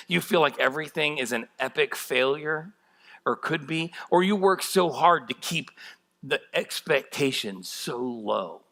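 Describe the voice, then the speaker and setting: Bright-voiced candid male pastor preaching. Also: a little high, gravelly. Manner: candid, self-deprecating storytelling with laughs. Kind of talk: sermon.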